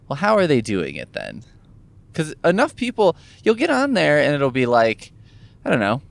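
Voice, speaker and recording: A man's voice: medium pitch, vocal fry. A man talking casually to camera in a rambling, musing monologue, sore from recent gum surgery, swearing offhandedly as he thinks aloud. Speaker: vlogger. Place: in a car.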